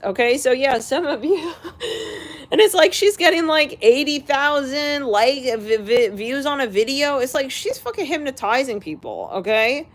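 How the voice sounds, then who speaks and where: A woman's voice: high voice, lively intonation, moderate pace. A woman hosting an astrology channel, ranting casually and bluntly to her viewers, swearing freely and laughing between remarks.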